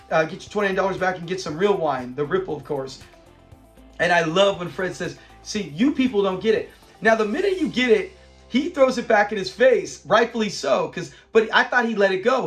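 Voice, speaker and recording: A man hosting a casual episode review, retelling scenes with lively acted-out lines and frequent laughs. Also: high-pitched. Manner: animated retelling, acts out the characters' lines, laughs often.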